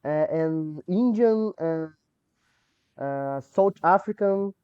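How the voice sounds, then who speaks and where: A woman from Bulgaria speaking English haltingly as a learner, searching for words with many pauses and fillers. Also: lowish voice, animated, clean tone, lo-fi sound. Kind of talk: casual chat.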